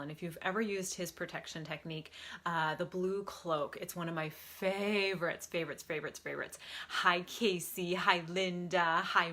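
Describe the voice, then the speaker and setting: A woman with a slightly low voice chats casually on a live stream as a spiritual advisor. She is bubbly and effusive. She gushes and repeats her words again and again. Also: a bit bright. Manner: bubbly, exclaims often. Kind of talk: casual live-stream chat greeting viewers.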